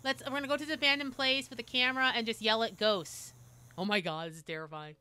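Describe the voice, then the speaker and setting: A woman streaming a game live, reading its dialogue aloud and reacting in an animated, jokey way, squealing and whispering when scared. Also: on the high side, fast talker, smooth.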